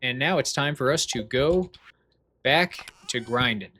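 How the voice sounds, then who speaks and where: A male streamer chatting casually over his gameplay, goofy and rambling and quick to poke fun at himself. His voice sits at a middling pitch, with a faint hiss of noise behind it. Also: expressive, bright, forceful tone. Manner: goofy, self-deprecating, rambling. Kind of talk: casual livestream chat while gaming.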